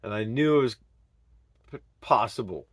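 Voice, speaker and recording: A man's voice: lowish voice, lively intonation, normal speed, dry recording, clean studio sound. Earnest man telling his own story. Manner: earnest and emotional, swinging from loud pleading to hushed murmurs. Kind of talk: personal storytelling monologue.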